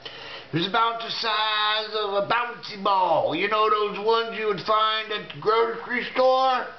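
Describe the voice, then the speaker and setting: A man telling a dramatic first-person story in a slow, halting, fearful way, using folksy grammar. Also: high voice. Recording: echoey room, dull lo-fi sound.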